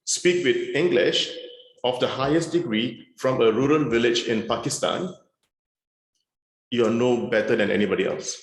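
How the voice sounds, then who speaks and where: A man's voice: mid-range voice, moderate pace, roomy sound. A man speaking frankly with dry humour as a guest on a video-call panel. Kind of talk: conversational panel talk.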